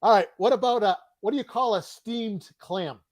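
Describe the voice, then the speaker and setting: A man with a Boston accent and a high-pitched voice hosts a live online chat over a video call. He is upbeat and repeats his key words as he quizzes his guest. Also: moderate pace, a crowd in the background. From Boston, USA. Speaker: host.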